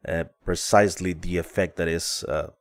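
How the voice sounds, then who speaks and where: A man's voice: low voice, steady tone, normal speed. A man hosting a casual music production livestream, explaining plugins with frequent fillers and restarts. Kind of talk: casual live-stream plugin demo.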